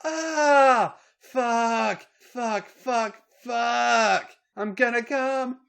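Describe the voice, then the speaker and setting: A man voicing an adult woman who cries out in a high, strained falsetto. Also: normal speed, creaky, dark tone, clear, resonant tone. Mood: ecstatic. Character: adult woman, loud and overwhelmed.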